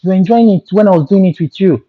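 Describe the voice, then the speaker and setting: A man voicing a calm, smug young woman roommate who talks in a coaxing, dismissive way. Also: high voice, quick pace, phone-quality sound, voice pushed up, natural voice.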